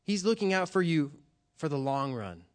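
A man's voice: fairly high pitch, sing-song. Earnest man preaching a sermon. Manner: earnest, halting with repeated restarts. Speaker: pastor.

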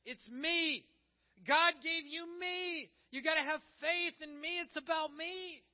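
Earnest teacher declaring himself, as a preacher puts him on. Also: male voice, very high voice, fairly even intonation, voice pushed up, exaggerated voice. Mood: emphatic. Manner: emphatic, slow. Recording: dull, muffled recording.

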